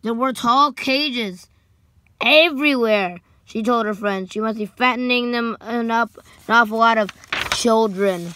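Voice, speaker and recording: A young woman reads a children's storybook aloud, slow and deliberate, tripping over names and tossing in sarcastic asides. Her voice is bright and sits a little high. The recording is dry and close. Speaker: storybook reader. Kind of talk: comedic children's book read-aloud.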